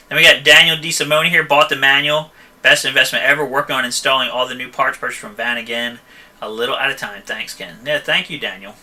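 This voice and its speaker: A man's voice: medium pitch, steady tone, a little fast, sharp tone. A man who runs a van repair shop, hosting a casual live stream and answering viewer questions in a rambling, chatty way, often tagging "okay?" and "you know.".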